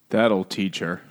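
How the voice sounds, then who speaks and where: Animated man riffing in casual chat. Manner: animated, acts out quotes in jumps of pitch. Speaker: podcast co-host. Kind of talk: casual comedic book chat.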